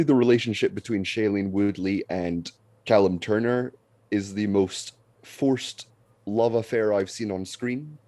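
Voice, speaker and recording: A man co-hosting a podcast, reviewing a film in a dry, sarcastic, deadpan way. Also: fairly low pitch, dry recording. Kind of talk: casual film review chat.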